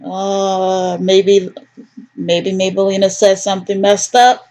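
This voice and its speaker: A woman's voice: medium pitch, little pitch movement, slow pace, darkish tone. A woman hosting a gaming video, chatting casually and joking as she plays through a story game. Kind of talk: casual let's play commentary.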